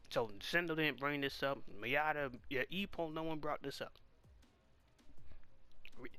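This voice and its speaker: A man's voice: a little high, animated, moderate pace, pauses often, bright, forceful tone, clean tone. A man giving casual commentary on a comic chapter, exasperated and firing off rhetorical questions. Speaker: manga reaction host.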